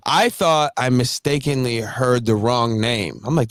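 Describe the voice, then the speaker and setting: A man hosting a casual livestream chat, animated and laughing often as he talks. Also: medium pitch, unhurried, dry recording, studio quality. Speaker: host.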